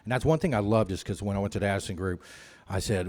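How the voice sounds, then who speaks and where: A man tells his own recovery story in a very low voice. His delivery is candid and self-mocking, and he rambles with lots of "you know.". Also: fast talker, a little mellow. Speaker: AA speaker. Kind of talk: personal recovery story at a meeting.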